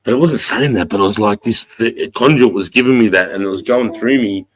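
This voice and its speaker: A middle-aged Australian man hosting a livestream, telling a long story in a rambling, profane, animated way. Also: fairly low pitch, brisk. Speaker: livestream host.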